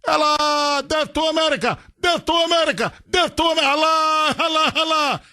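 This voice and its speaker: A man's voice: very high voice, fairly even intonation, a little fast, pushed and bright, dry recording, clean studio sound, voice pushed up, full character voice. A radio host voicing a fanatical male regime hardliner in a mocking impression. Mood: fanatical chanting.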